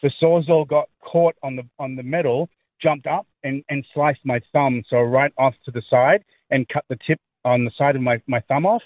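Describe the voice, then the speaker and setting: A man's voice: medium pitch, fairly even intonation, normal speed, dry recording. Rambling male caller on a phone line. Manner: rambling, repeats himself while telling a story. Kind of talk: phone-in story.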